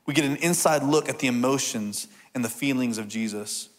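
A middle-aged male pastor delivers a sermon in an earnest, heartfelt way. He slows right down and lets his voice fall soft on the lines he repeats for weight. His pitch sits in an ordinary middle range for a man. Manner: earnest, with slow emphatic repetitions and soft drops for key lines.

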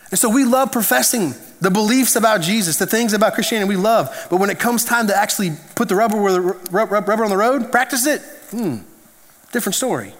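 High-voiced pastor preaching. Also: male voice. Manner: animated, conversational storytelling with restarts. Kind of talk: sermon. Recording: echoey hall reverb.

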